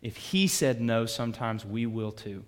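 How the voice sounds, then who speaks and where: A man preaching a sermon to his congregation in a conversational way, asking them questions and swinging between loud bursts and quiet asides. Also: medium pitch, moderate pace. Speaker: pastor.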